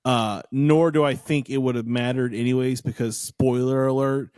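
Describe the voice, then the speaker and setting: A man co-hosting a horror podcast in loose, profane chat. His voice sits at an ordinary pitch, recorded dry and close. He jumps into mock outrage and exaggerated disbelief. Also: normal speed, smooth, dry recording. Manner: animated, swearing, mock-outraged. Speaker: podcast co-host. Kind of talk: casual chat.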